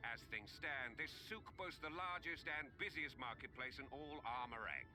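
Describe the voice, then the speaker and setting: A man with a British accent playing a polite, formal guide in a video game, speaking in a measured way. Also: medium pitch, music in the background, lightly acted.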